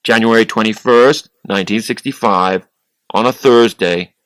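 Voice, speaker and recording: A man's voice: lowish voice, moderate pace, a bit bright, no room sound, natural voice. A man reading as an adult character who speaks literally and repeats dates and phrases exactly. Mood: matter-of-fact.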